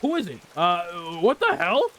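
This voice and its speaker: A man hosting a gaming channel, reacting to a story game with excitable, profane, slang-heavy rants. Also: extremely high pitch, normal speed. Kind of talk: casual let's play reaction commentary.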